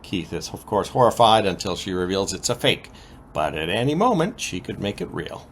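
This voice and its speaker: A man co-hosting a podcast, recapping soap opera episodes in a casual, animated way with frequent ums. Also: deep voice, moderate pace, a little hiss or hum. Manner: lively, animated retelling with many ums.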